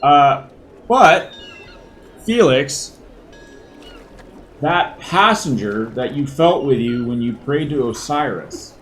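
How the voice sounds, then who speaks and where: A man's voice: mid-range voice, expressive, slow, pauses often, faint music behind. A man narrating a tabletop game as game master, rambling with many fillers and casual swearing.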